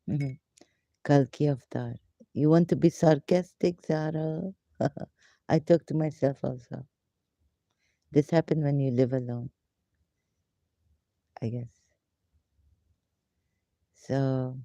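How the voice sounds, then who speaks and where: In an extremely low, mellow voice with no room sound, a woman hosts a casual live Q&A. She rambles haltingly in broken English, leans on fillers, and sometimes speaks to herself.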